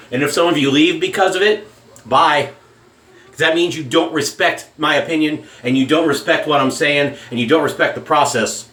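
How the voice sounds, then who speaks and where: A man with a drawl vents in a blunt, profane home-video rant. His voice sits a little high for a man. The sound bounces around a hard, echoey room. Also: fairly bright tone. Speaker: shaving vlogger. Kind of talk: angry political rant.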